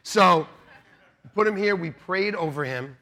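A middle-aged man, a pastor, preaching a sermon with animated storytelling, laughing and shouting out quotes. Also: high voice, unhurried.

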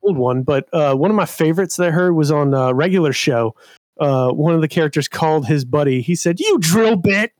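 A man's voice: a little high, animated, fairly quick, darkish tone, no echo. A man co-hosting a podcast, rambling hesitantly with lots of filler and giggles. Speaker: podcast co-host. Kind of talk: casual banter.

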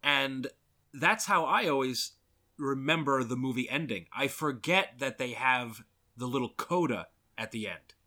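A man's voice: medium pitch, animated, measured pace, sharp tone. A man co-hosting a movie podcast, chatting casually and gushing enthusiastically about films. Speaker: podcast co-host.

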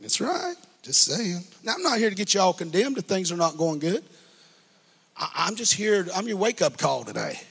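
A man delivers a sermon with rising fervor and direct appeals to the congregation. His voice sits high and has a husky edge. The sound carries a long hall reverb. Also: lively intonation, normal speed, a bit bright. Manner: preaching with rising fervor, call-and-response asides. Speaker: pastor.

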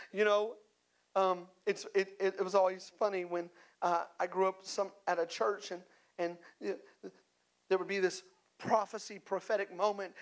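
A man preaching a sermon, speaking emphatically with chatty asides and calling out to the congregation. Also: high voice. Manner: conversational asides and repeated words. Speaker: pastor.

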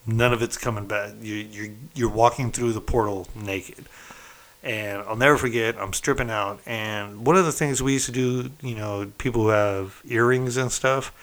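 Low-voiced man telling a rambling story. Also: fairly even intonation, moderate pace, fairly bright tone. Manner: loose, rambling, swearing, quoting others in his story. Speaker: former prisoner telling his story. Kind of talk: casual storytelling monologue.

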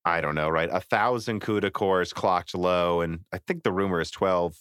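A man hosting a casual tech podcast, talking in an animated, rambling way and breaking off mid-sentence. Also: low voice, moderate pace, clear, resonant tone, no echo, studio quality. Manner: animated, rambling, self-interrupting. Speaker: podcast host.

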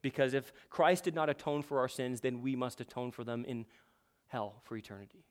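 A man's voice: mid-range voice, brisk. A male pastor preaching a sermon with impassioned emphasis that builds to strong peaks.

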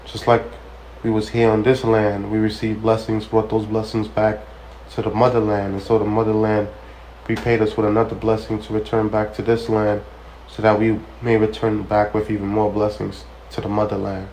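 A man's voice: lowish voice, monotone, moderate pace, a little mellow, a little hiss or hum, low-quality recording. A man hosting a ministry show, talking casually and preacher-like, repeating phrases for emphasis and acting out quoted conversations as he tells stories. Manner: storytelling that acts out quoted dialogue. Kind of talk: casual spoken testimony.

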